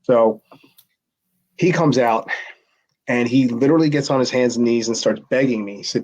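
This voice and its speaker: A man's voice: mid-range voice, fairly even intonation, normal speed, long pauses, darkish tone, dull audio. A man, a former pro wrestler, telling a story in a casual interview, acting out the quotes in a raised voice and restarting his sentences.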